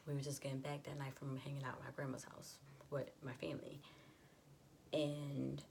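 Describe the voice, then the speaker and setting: A woman's voice: rumbling low, monotone, moderate pace, gravelly, a little mellow, slight background noise. A young adult woman vlogger telling a personal story in a chatty, casual way, full of "like" and quoted dialogue.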